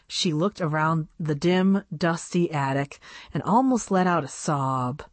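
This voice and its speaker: A woman reading a children's chapter book aloud for a radio reading service, in an expressive storytelling manner. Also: sits low, unhurried, dry recording.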